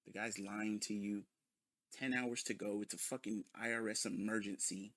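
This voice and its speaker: A man's voice: fairly low pitch, fairly even intonation, normal speed, fairly bright tone, dry recording, clean studio sound. A man ranting in a sarcastic, mocking commentary full of profanity. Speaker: commentary video host.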